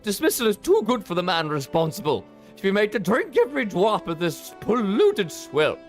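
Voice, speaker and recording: A streamer voicing a haughty male winery owner, speaking in a scornful, slow, drawn-out way. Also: mid-range voice, sing-song, soft background music, pitched above the performer's own voice. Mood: disdainful. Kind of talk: reading game dialogue aloud.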